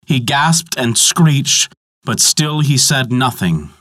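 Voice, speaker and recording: A man narrating a mythology story in a measured, dramatic storytelling manner. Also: mid-range voice, expressive, fairly bright tone, no room sound, studio quality.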